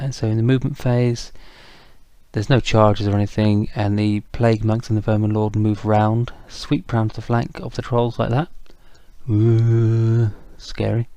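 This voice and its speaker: A man casually narrates a battle report from a tabletop wargame, chatty and self-deprecating, with frequent ums. His voice is lowish and mellow, with no echo.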